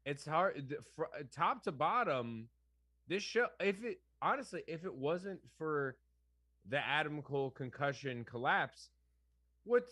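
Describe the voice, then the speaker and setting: A young man co-hosting a casual wrestling chat, excitable and quick to laugh. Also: on the high side, no echo, studio quality. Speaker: co-host.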